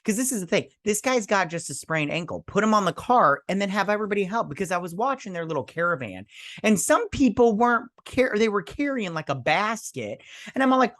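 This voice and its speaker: A man's voice: high-pitched, very animated, brisk, fairly bright tone, no echo, studio quality. A man hosting a casual video review, ranting bluntly and scornfully, swearing, stumbling over restarts and fillers. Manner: frequent restarts and filler stammers. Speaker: show host.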